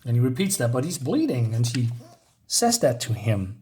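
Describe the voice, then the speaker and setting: A man's voice: mid-range voice, big pitch swings, normal speed, dark tone. A man casually reviewing a comic book issue, rambling and hesitant with lots of fillers.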